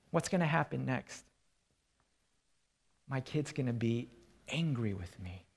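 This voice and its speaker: A man preaching a sermon as pastor, telling illustrative stories and dropping into quiet emphasis on key points. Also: mid-range voice, lively intonation, a little slow, vocal fry, long pauses, husky.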